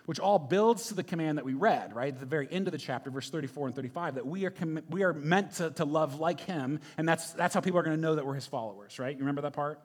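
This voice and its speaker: Guy preaching a sermon, chatty and emphatic, keeps saying right?, kinda high voice. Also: fast talker, few pauses. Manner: conversational, emphatic, frequent "right?" asides. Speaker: pastor.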